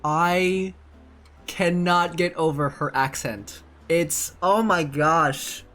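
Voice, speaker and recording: A streamer giving excitable, gushing commentary on a game playthrough, laughing often. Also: medium pitch, takes it slowly, soft background music.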